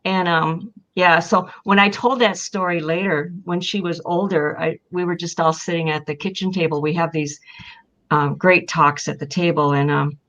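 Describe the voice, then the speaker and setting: A woman's voice: on the low side, fairly even intonation, moderate pace, fairly bright tone, highs cut off. An older woman telling heartfelt family stories in casual talk, emotional and sometimes tearful. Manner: emotional, heartfelt, crying at times. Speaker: guest. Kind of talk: casual storytelling.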